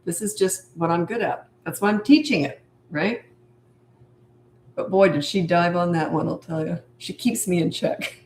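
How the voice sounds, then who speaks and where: An older woman with a lowish, slightly mellow voice speaks at a moderate pace, answering live-stream viewers' questions as a parenting coach. Chatty and emphatic, she hammers her main points home; the room echoes clearly, with slight background noise.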